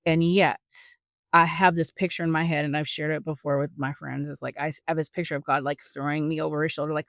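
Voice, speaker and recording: A woman hosting a podcast, teaching a Bible story in a chatty, animated way with joking asides to her listeners. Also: low voice, fast, no room sound, clean studio sound. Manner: chatty and animated, acts out quotes with big voice swings. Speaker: podcast host.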